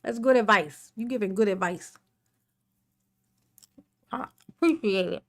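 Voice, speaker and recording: A woman's voice: mid-range voice, measured pace, a little hiss or hum. A woman hosting a casual livestream. She greets viewers by name, laughs often and rants animatedly. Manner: animated ranting. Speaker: livestream host.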